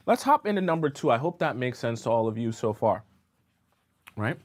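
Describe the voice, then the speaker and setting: A man's voice: mid-range voice, big pitch swings, fairly quick. Man hosting a dating advice stream. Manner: conversational, checks in with rhetorical questions. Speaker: dating coach and show host. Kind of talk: live-stream advice talk.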